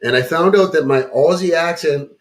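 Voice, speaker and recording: A man's voice: a little high, moderate pace. Joking man hosting a chat show. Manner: loose and joking, reads sponsor plugs. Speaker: talk show host. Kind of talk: casual chat with ad reads.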